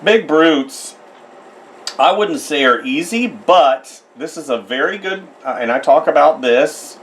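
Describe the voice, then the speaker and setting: Slow, chatty American art tutor man. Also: mid-range voice, a little hiss or hum, poor audio. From United States. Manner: rambling, chatty, self-deprecating asides. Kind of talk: casual drawing tutorial narration.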